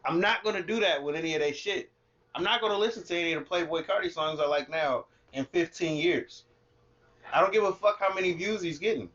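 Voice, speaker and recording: A man's voice: on the high side, fairly quick, a bit bright. A man co-hosting a podcast in casual chat, laid-back and blunt, with a lot of profanity. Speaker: podcast co-host. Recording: dull lo-fi sound.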